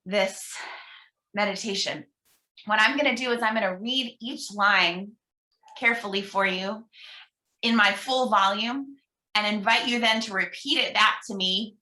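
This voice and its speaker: Bright-voiced woman minister leading meditation. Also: mid-range voice. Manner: gentle, slow and deliberate when reading affirmations aloud. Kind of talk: guided meditation. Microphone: video call. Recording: roomy echo.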